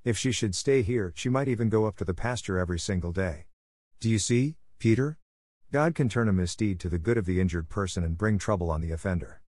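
A man voicing a kind, gentle elderly grandmother who talks to a child with mild, patient earnestness. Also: lowish voice, brisk, no echo, clean studio sound, close to an everyday voice. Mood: kindly. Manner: gentle, kindly lecturing. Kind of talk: audiobook character voice.

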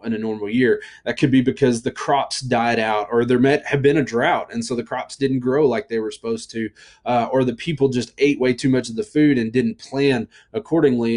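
A young man preaching casually to a youth audience, his voice sitting at an ordinary middle pitch. He talks in a loose, chatty way with frequent fillers, restarts and side notes. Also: darkish tone. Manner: chatty, uses many fillers and asides. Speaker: youth pastor. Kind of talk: casual sermon.

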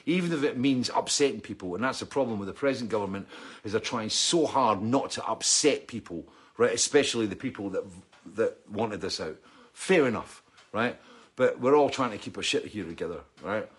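A man's voice: on the low side, lively intonation, brisk, slightly rough. A middle-aged man with a Scottish accent, hosting a weekly video chat and ranting with plenty of swearing. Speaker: vlog host.

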